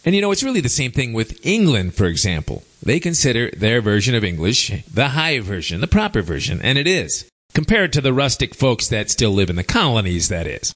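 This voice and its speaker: A man's voice: medium pitch, big pitch swings, fairly quick, a bit bright. Chatty male talk show host. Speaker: podcast host. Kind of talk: casual radio-style talk show.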